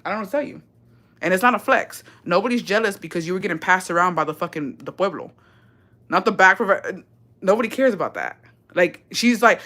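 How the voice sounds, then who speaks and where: A woman's voice: medium pitch, sing-song, brisk, fairly bright tone. A young woman, ranting on a live stream in a profane, sassy and confrontational way, slipping into Spanish. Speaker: vlogger.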